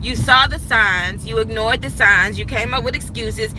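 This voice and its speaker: Woman, 30s, emphatic storyteller, high voice, phone in a moving car, faint street noise. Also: moderate pace. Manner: emphatic, repetitive, talks straight to her audience. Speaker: vlogger telling a personal story. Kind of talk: animated storytelling to viewers. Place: in a moving vehicle outdoors, going under a bridge.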